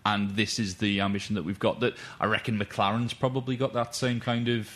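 A man, co-hosting a casual football podcast, animated and swearing freely. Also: on the low side, brisk. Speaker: podcast co-host.

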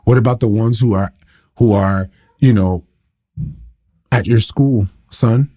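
A man's voice: fairly low pitch, slow, warm tone, slight background noise. A man in his thirties, a pastor, teaching the Bible in a casual, conversational way, laughing often and poking fun at himself.

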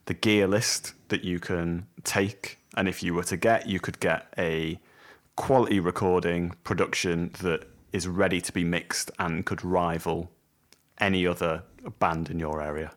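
A man's voice: low-pitched, steady tone, a little slow. A man co-hosting a music podcast in casual chat, easygoing and explaining things at length. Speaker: podcast co-host.

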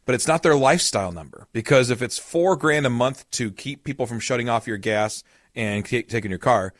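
A man's voice: mid-range voice, no echo, clean studio sound. A man hosting a podcast as a financial advisor, explaining with family stories and repeating key points for emphasis. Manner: earnest, explains with family anecdotes and acted-out quotes.

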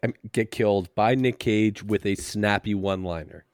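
A man's voice: fairly low pitch, normal speed. A man co-hosting a podcast, joking and mock-lecturing his co-hosts with frequent laughs. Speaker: podcast co-host. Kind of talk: casual chat.

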